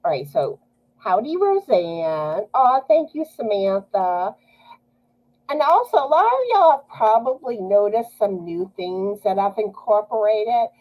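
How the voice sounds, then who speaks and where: A woman's voice: mid-range voice, very animated, a little mellow, low-quality recording. A woman with a South Louisiana Cajun accent, hosting a knitting live stream in a chatty way, laughing often. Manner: chatty, laughs often, drawn-out filler words. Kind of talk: casual live-stream chat.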